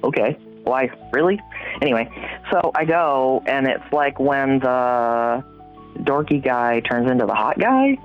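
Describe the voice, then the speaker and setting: A middle-aged woman, a podcast guest, telling a personal story and acting out her own reactions with big jumps in pitch. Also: expressive, unhurried. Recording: tinny phone-like sound with faint music.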